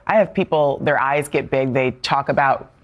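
A woman's voice: a bass voice, moderate pace, dull audio. Earnest, impassioned woman journalist. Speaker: journalist guest. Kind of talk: talk show discussion.

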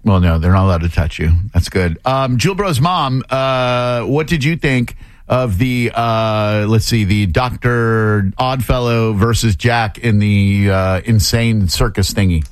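A man's voice: fairly low pitch, measured pace, dry recording. Guy radio host rambling and joking around, dry close mic. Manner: joking, rambling, self-deprecating. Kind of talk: casual on-air interview. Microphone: studio microphone.

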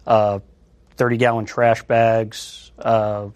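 A man's voice: fairly low pitch, little pitch movement, slow, darkish tone. A male detective telling his story in an interview, casual, acting out quoted dialogue. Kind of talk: interview recollection.

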